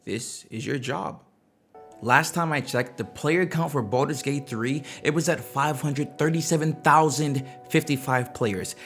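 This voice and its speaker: A man giving blunt, slangy gaming commentary, ranting with animated emphasis. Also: fairly high pitch, moderate pace, hardly any pauses, faint music behind. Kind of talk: casual commentary.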